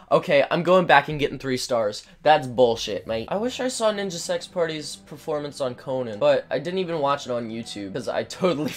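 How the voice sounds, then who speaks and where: A man talking over his own gameplay in a loose, rambling let's play style, with a mid-range voice. He swears freely when things go wrong. Faint game music plays behind him. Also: medium pitch. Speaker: gaming channel host. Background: faint video game music.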